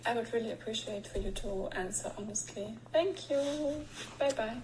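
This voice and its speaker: A woman's voice: on the high side, normal speed, a little mellow, poor audio. A woman with a German accent asking a streamer a polite, careful question.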